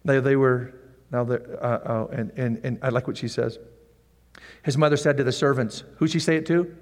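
A man's voice: mid-range voice, steady tone, normal speed, in a large hall. A man preaching a sermon in a conversational way who acts out the scenes. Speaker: pastor.

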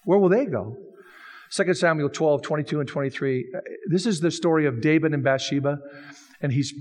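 A man's voice: fairly high pitch, brisk, a little mellow. A man preaching a sermon as pastor, building emphasis through repeated phrases. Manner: preaching with rising emphatic repetition.

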